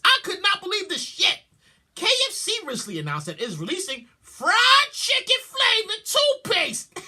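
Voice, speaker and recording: A woman hosting a podcast, reading news headlines and reacting with loud exclamations, repeated words, swearing and a lot of laughter. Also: extremely high pitch. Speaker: podcast host. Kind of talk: comic commentary on news headlines.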